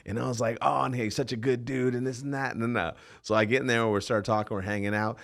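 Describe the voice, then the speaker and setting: A male podcast host in easy, casual conversation. He tells stories with a laugh and jumps into lively quoted lines. His voice sits at a middle pitch for a man. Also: fast, gravelly. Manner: laughing, animated anecdote-telling. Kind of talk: casual chat.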